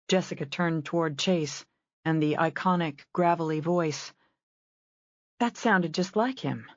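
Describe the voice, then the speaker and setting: A woman with a deep, low voice reads a novel aloud in measured scripted narration. The sound is dry and close, with a slightly dull, muffled tone. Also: dry recording. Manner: measured storytelling reading. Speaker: audiobook narrator.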